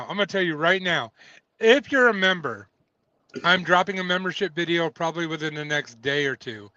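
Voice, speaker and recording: Running a casual trucking livestream, a man chats, reads out viewer comments, and laughs a lot. His fairly high voice is animated, brisk, and sharp, captured in dull, dry lo-fi audio.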